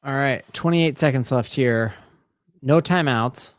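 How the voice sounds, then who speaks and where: Excitable man calling a game live. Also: mid-range voice, a little slow, no echo, studio quality. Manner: excitable, bursts into loud repeated exclamations; rambling, casual, full of fillers and restarts. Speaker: fan streamer doing live play-by-play. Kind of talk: live fan play-by-play commentary.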